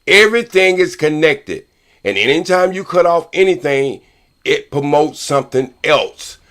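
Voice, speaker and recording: A man's voice: a little high, lively intonation, unhurried, a bit bright. An older man on a live-stream panel, talking in a rambling, profane, combative way. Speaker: panel guest. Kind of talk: heated live-stream debate.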